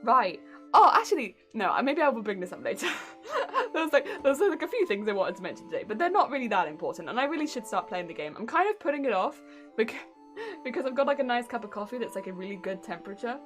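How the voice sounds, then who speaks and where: A young woman with a British accent streams from home and chats with her viewers. Her voice sits a little high, and she talks in a giggly, rambling way. Faint music plays softly under her. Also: very animated, fast. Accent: British English. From England. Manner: giggly and chatty, reacting to chat. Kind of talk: casual live-stream chat.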